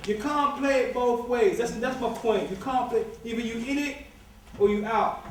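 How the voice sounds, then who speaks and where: A man lectures a student society in a loose, streetwise way, hammering points home by repeating them. His voice sits fairly high for a man and sounds distant, caught from across a big lecture hall with heavy echo and faint hiss behind it. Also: moderate pace. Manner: streetwise, joking, emphatic repetition. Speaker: guest speaker. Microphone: far room recording. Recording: distant echoey hall recording.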